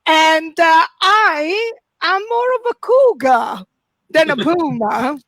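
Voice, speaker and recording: A woman's voice: extremely high pitch, big pitch swings, slow pace, fairly bright tone, dry recording. A woman in her forties with an Italian accent, doing a chatty, self-mocking stand-up set over a video call from home and laughing through her lines. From Italy. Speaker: stand-up comedian.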